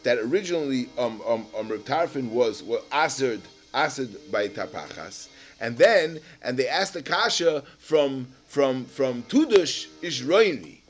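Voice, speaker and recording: A man with a Yeshivish English accent teaching a Talmud lesson, halting with many restarts and repeated words, rising loud when he explains. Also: mid-range voice, lively intonation, soft background music.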